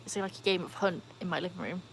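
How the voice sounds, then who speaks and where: A woman's voice: lowish voice, steady tone, fast, gravelly, slight background noise, poor audio. Chatty woman hosting a livestream. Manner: chatty, reads out viewer comments. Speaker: livestream host. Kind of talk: casual live-stream chat. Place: home, beside a backyard pool.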